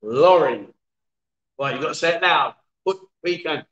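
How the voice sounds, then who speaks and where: A man's voice: fairly high pitch, fast talker, sharp tone, highs cut off. A middle-aged man hosting a casual livestream, joking around and reading viewer comments aloud. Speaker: livestream host.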